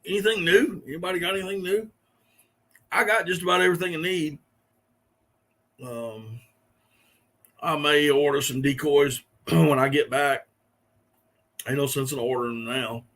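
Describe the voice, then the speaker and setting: A man's voice: on the high side, normal speed, long pauses, a bit bright. A middle-aged man, hosting a casual live stream and telling rambling stories to his viewers with frequent chuckles. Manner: rambling storyteller, chuckling often.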